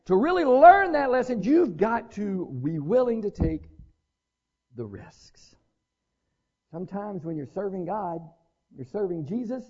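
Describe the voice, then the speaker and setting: Pastor, man, animated and conversational sermon delivery, high voice, slightly muffled recording. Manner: animated preaching with conversational asides.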